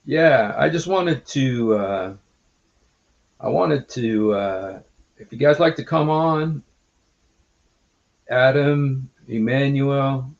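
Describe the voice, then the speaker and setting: A livestream host chats casually in a halting way, full of fillers and frequent restarts. His voice is gravelly, and the stream audio is muffled and low-fidelity.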